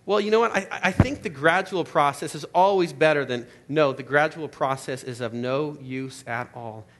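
A man's voice: a little high, moderate pace, slight background noise, close to an everyday voice. A man voicing a pleading male ghost who stalls and bargains anxiously. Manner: nervous, stalling, rising to panic.

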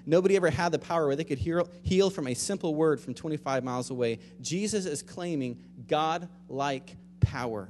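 A man's voice: a little high, fast talker, hardly any pauses, in a large hall. Man preaching in a conversational sermon. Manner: conversational preaching, swings from quiet to emphatic. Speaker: pastor.

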